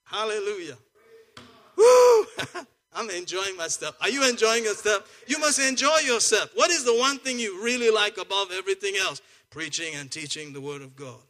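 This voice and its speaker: A male pastor preaching a lively, joking sermon, swinging from soft asides to loud exclamations. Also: sits high, normal speed.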